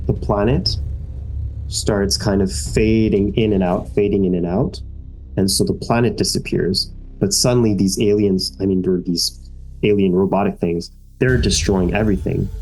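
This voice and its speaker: A man's voice: on the low side, a little mellow, poor audio. A man narrating a tabletop game as game master, telling the story with energy and many fillers.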